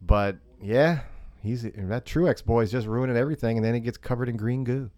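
A man's voice: medium pitch, moderate pace, mellow, dry recording. A middle-aged man co-hosting a podcast, talking casually with wry jokes. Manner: wry, joking. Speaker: podcast co-host. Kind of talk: casual chat.

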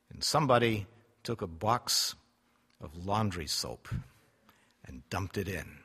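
A man preaching a sermon, reading scripture slowly and solemnly, his loudness rising and falling for emphasis. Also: lowish voice. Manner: emphatic, swells and drops in loudness; reads scripture in slow, solemn cadence. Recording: long hall reverb.

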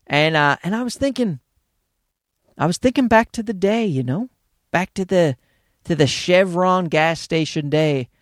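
A man hosts his own podcast with a high voice that swings up and down. He rambles through profane, self-mocking stories and restarts his sentences often. The sound is dry and close. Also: no echo. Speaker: podcast host. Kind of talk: casual solo podcast monologue.

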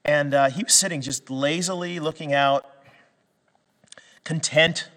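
A man's voice: on the high side, fairly even intonation, a little slow, a bit bright, in a large hall. A man from western Canada preaching a sermon in a conversational way, with restarts and fillers that build to emphatic peaks. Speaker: pastor.

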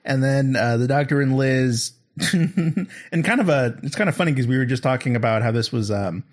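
A man's voice: medium pitch, animated, normal speed. A man in a casual podcast chat, retelling an episode in a rambling way and acting out the characters' lines. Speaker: podcast host.

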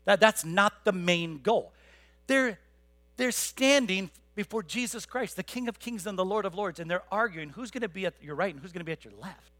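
High, bright-voiced male pastor preaching. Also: lively intonation, normal speed, no echo. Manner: passionate preaching, swelling loud then dropping low; repeats words, conversational asides to the congregation. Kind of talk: sermon. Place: church.

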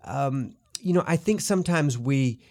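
A man's voice: mid-range voice, measured pace, a little mellow. A man hosting a podcast interview, framing his questions as he thinks aloud with restarts. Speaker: podcast host.

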